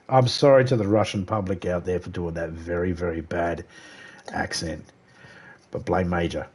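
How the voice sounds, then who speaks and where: A man's voice: low-pitched, fairly even intonation, moderate pace, a little mellow, slight background noise. A man with an Australian accent live-streaming a video game, chatting casually with viewers and making crude jokes. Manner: crude, joking banter, chuckles between lines.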